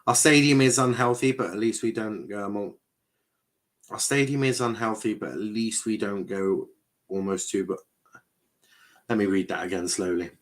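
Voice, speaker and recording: A man's voice: fairly low pitch, steady tone, moderate pace, long pauses. A young man hosting a live football watchalong, chatting casually with viewers, rambling, stumbling over words and swearing now and then. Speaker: watchalong streamer host. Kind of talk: casual live-stream chat reading viewer comments.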